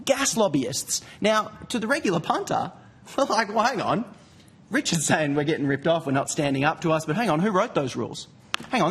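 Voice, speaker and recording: A man with a husky, slightly breathy voice speaks in a fairly high register. He testifies to a parliamentary inquiry in a plain-spoken, animated way, pushing hard on his key points. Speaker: campaigner giving evidence.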